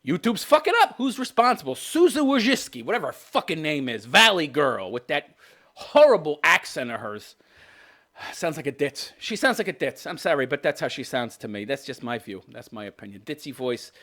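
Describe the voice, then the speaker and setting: A man in his fifties hosts a political commentary show. He rants, swears freely and turns sarcastic, often laughing at his own jabs. His pitch is wildly animated, leaping up and down constantly. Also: moderate pace. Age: 50s.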